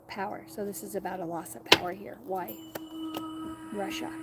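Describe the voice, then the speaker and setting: A woman doing a live tarot reading, rambling and thinking out loud in a middle-pitched voice. She is recording outdoors on rural land. Loud background noise and animals are heard around her. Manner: rambling, talks to her dogs. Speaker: tarot reader.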